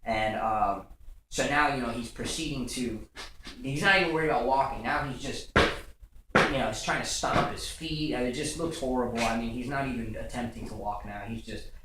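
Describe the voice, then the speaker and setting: At normal speed and medium pitch, a young comedian performs stand-up, telling rambling tales riddled with fillers and false starts. The club recording is rough, echoey and made from a distance, with background noise.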